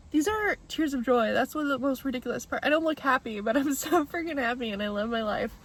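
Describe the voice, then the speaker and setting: This young adult woman's casual vlog to camera is candid, chatty and sentimental, loaded with filler words. Her high-pitched voice has lively intonation and a breathy edge, at a moderate pace.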